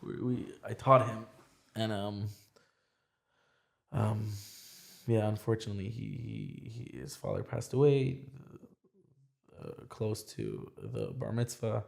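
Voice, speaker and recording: A man's voice: on the low side, expressive, slow, creaky, long pauses. A young man talking as a podcast guest in casual chat, rambling with many restarts. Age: young adult.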